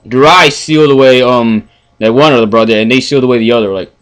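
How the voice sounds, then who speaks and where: A man ranting in a casual review, profane and exasperated, stammering and swinging from mumbling to yelling. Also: medium pitch, quick pace, clear, resonant tone. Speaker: anime reviewer.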